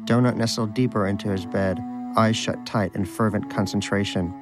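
A man with a lowish voice reads a story aloud with dry, wry timing. Faint music plays softly behind him. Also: steady tone, moderate pace. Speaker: narrator. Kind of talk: audiobook narration.

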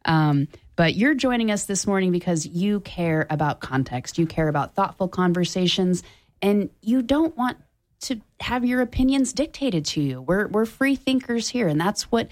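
A woman's voice: mid-range voice, animated, moderate pace, darkish tone. A woman hosting public radio, making an upbeat, persuasive appeal during a membership drive from a studio microphone.

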